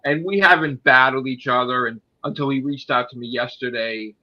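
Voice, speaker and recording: A man's voice: medium pitch, moderate pace, lo-fi sound. An American man ranting in a casual chat, swearing a lot. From United States.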